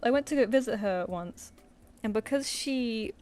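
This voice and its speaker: A woman's voice: fairly high pitch, moderate pace, a little mellow, faint music behind. A woman chatting casually as she draws on a live stream, rambling and muttering to herself between thoughts. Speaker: artist livestreamer. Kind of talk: casual chat while drawing. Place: home room.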